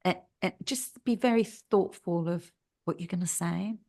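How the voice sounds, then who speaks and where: A woman co-hosting a mindfulness chat, giving gentle coaching advice and checking in with "right?" and "yeah?". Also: on the low side, moderate pace. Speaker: podcast co-host. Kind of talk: casual chat.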